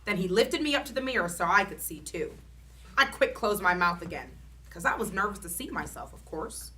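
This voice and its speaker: Animated woman reading a children's book. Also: mid-range voice, brisk, slight background noise. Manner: expressive, animated storytelling. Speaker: children's storytime reader.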